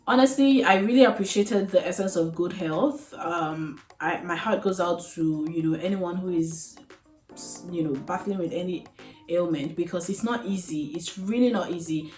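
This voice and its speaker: A woman's voice: on the low side, normal speed, a little mellow. A young woman vlogger telling a personal story in a candid, chatty way, full of fillers and frank asides. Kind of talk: casual storytelling to camera. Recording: roomy echo with faint music.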